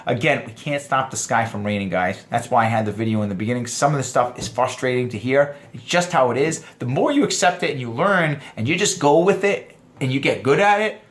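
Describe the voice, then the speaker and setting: Guy giving dating tips, really expressive, voice goes all over the place. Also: mid-range voice, brisk. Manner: animated, acts out quotes in funny voices. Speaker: dating coach. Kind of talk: instructional vlog talk.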